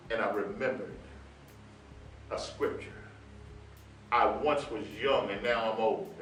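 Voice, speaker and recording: A man telling a personal story in a sermon, quoting scripture and building to loud proclamations. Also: lowish voice. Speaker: preacher. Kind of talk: sermon testimony. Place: church sanctuary. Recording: roomy sound from far off with music.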